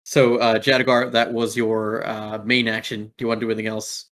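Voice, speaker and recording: A man's voice: lowish voice, level tone, brisk, fairly bright tone. A man narrating as game master in a laid-back way, with many filler words.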